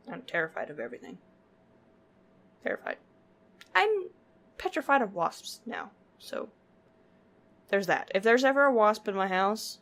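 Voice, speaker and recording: A woman's voice: fairly high pitch, fairly bright tone. A woman vlogging to her viewers, telling a story casually with lots of filler words and frequent laughter. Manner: chatty, laughs often, full of "like" fillers.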